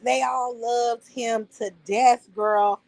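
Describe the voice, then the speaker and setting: A woman's voice: on the high side, slow pace, rough recording. Chatty woman with a raised voice. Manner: chatty and animated, swears freely, calls the listener "girl". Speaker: vlogger. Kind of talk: casual storytime chat.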